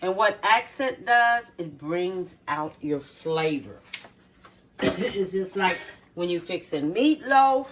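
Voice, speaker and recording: Her mid-range voice is lively in intonation yet slow in pace, and a bit bright. The middle-aged home cook shows a dish casually in her kitchen for her channel, homey and repetitive, checking in with "okay?"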